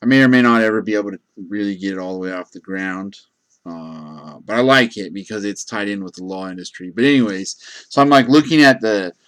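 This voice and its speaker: A man's voice: on the low side, fairly quick, smooth. A man working as a gas station clerk, telling rambling casual stories with lots of fillers. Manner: rambling, many fillers and restarts. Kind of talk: casual storytelling.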